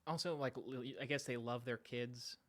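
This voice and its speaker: A man's voice: mid-range voice, fairly even intonation, moderate pace, fairly bright tone, slight background noise. A man, a podcast host, chatting casually with viewers on a livestream from home, rambling and self-deprecating and often trailing off mid-sentence. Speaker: podcast host streaming live. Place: at home with his dog.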